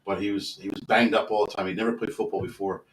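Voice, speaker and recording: Male football coach, rambling earnest storyteller, lowish voice, echoey distant recording. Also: fairly even intonation, fast talker. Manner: candid, rambling, earnest, swears casually. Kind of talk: casual storytelling in a podcast interview. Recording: roomy sound from a distant mic.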